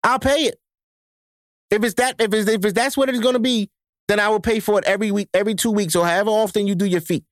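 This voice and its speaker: Guy w going off on his pod, cussing, lecturing, high pitched, super dry. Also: fairly even intonation, racing, no echo. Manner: profane, emphatic, lecturing. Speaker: podcast host. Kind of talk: solo podcast rant.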